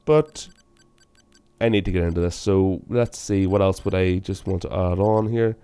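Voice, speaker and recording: A young man giving casual, self-mocking game commentary, with sudden loud bursts of excitement. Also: deep voice, normal speed, clear, resonant tone. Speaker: gaming channel host.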